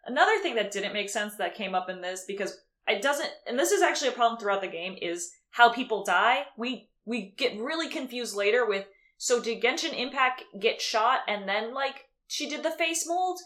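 A woman's voice: on the high side, expressive, moderate pace, few pauses, bright, forceful tone. A woman co-hosting a casual podcast chat, rambling and acting out scenes in quoted voices. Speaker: podcast co-host.

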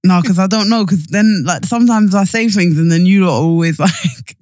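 A man's voice: sits high, a little fast, a little mellow, no room sound. A man co-hosting a casual podcast, rambling and self-interrupting, a little chesty. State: slightly chesty. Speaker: podcast co-host. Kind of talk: casual chat.

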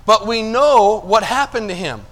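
Preacher, male, high bright voice, shifts from hushed asides to loud emphasis. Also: lively intonation, a little slow. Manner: preaching, asks the congregation if they follow; swings between quiet low asides and loud emphatic passages. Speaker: pastor. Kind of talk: sermon.

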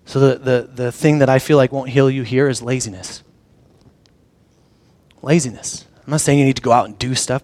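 A man preaching a sermon in a casual, animated storytelling way, sometimes dropping to a soft, intimate low voice. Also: no room sound. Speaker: pastor.

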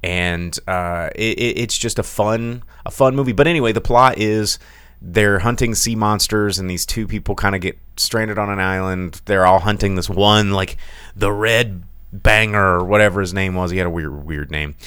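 Casual male podcast co-host, low smooth voice, rambling delivery, dry sound. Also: moderate pace, fairly bright tone, no room sound. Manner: rambling, many fillers and restarts. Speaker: podcast co-host reviewing movies. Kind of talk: casual chat.

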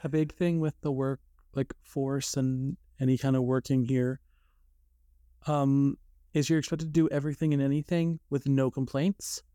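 A man talking in a measured, steady way in a casual podcast chat. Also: medium pitch, clear, resonant tone, no echo, clean studio sound.

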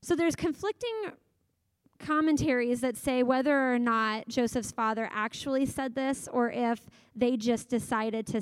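A woman in her thirties giving a sermon in a conversational, animated storytelling manner, acting out quotes from her family. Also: sits high, no echo. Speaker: pastor.

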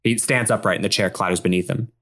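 A man's voice: low-pitched, fairly even intonation, quick pace, fairly bright tone. A man narrating a tabletop game as game master, in a playful, dramatic way.

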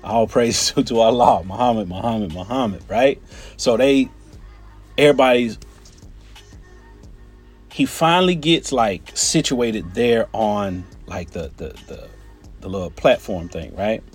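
A man telling a personal story in an animated, conversational way, often turning to his listeners with "right?" and "y'all". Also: medium pitch, takes it slowly, pauses often, husky, faint music behind.

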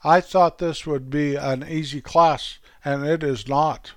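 A man voicing Earl, a naive, puzzled high school freshman boy, in a raised voice. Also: steady tone, slow pace, no echo, studio quality.

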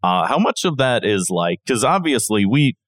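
A man's voice: mid-range voice, big pitch swings, normal speed, fairly bright tone, no echo. A man co-hosting a podcast in casual chat, with wry, dry humor. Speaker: podcast host.

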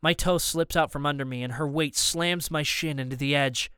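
Smooth, tense male audiobook narrator. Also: on the high side, moderate pace, bright, forceful tone, no echo, studio quality. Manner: tense, urgent storytelling. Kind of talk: scripted first-person narration.

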